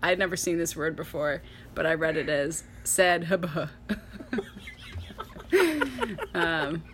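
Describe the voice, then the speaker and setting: A woman's voice: sits low, steady tone, slow pace. Chatty woman with faint background hiss. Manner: rambling, laughing, sarcastic asides. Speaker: podcast co-host. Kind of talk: casual chat.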